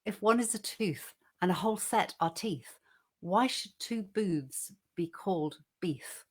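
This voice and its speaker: A woman co-hosting an online show, reading a poem aloud in a measured, rhythmic way and then chatting casually over a video call. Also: medium pitch, lively intonation, husky. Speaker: co-host reading poems. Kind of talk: poetry reading and casual chat.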